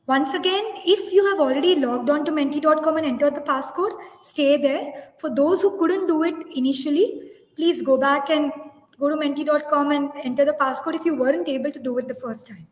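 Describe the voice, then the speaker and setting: A woman's voice: high-pitched, a little fast. A woman presenting a teachers' webinar, reading out live poll results and explaining answers step by step, often correcting herself mid-sentence. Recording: echoey room with long reverb.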